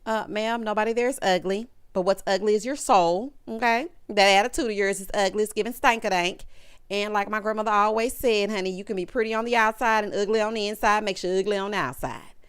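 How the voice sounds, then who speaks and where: A woman's voice: mid-range voice, brisk, clear, resonant tone, no room sound, clean studio sound. A woman hosting a reality TV recap, talking casually, blunt and sassy, scolding the cast and calling listeners honey. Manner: calls viewers honey and baby.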